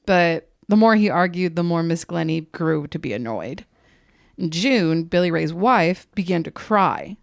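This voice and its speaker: Woman podcast host, low gravelly voice, dry close sound; casual profane storyteller. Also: lively intonation, no echo. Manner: giggly, profane, jokey retelling with quick asides.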